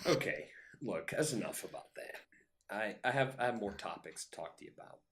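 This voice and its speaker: Animated, incredulous podcast co-host man. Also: on the low side, normal speed, a little hiss or hum. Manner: incredulous, animated, jokey put-on voices. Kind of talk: casual chat.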